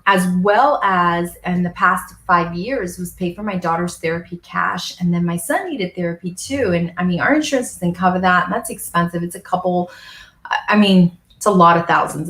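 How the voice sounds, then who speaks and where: A woman's voice: lowish voice, fairly bright tone. Woman sales director sharing her story, earnest, kinda emotional, roomy echo. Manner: emotional, tearful at moments, earnest. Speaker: national sales director, guest. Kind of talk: interview storytelling.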